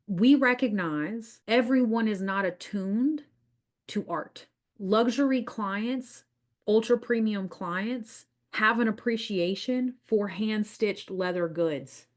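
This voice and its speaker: A woman with a Southern US accent hosting a business podcast, speaking confidently and emphatically about marketing and acting out what clients say. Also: medium pitch. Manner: confident, emphatic, acts out clients in quoted voices. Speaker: podcast host, business coach.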